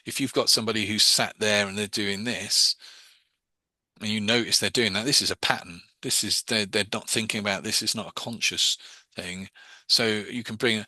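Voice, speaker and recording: Male instructor, low-pitched and sharp-toned, casual explainer with a close, dry video-call sound. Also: fairly even intonation, normal speed, no room sound. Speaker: hypnosis teacher. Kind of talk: casual online class.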